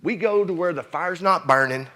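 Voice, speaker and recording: A man's voice: high-pitched, normal speed, sharp tone. A middle-aged man, a fire chief giving a blunt, preachy conference speech that keeps putting questions to the crowd.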